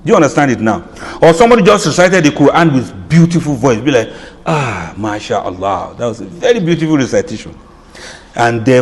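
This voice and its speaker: A man's voice: mid-range voice, long reverb tail. A man giving an Islamic lecture, chatty and humorous, laughing at his own asides. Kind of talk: lecture to an audience.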